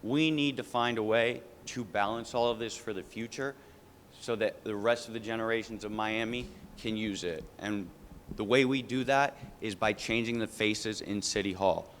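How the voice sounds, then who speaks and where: A man's voice: on the low side, normal speed, a bit bright, a little hiss or hum. A man giving a blunt, rallying campaign speech as a political candidate. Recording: hall reverb.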